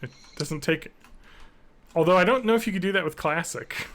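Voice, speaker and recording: A man's voice: high voice, moderate pace, fairly bright tone. A man hosting a casual live-streamed podcast, rambling and joking while he plays a game. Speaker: podcast host.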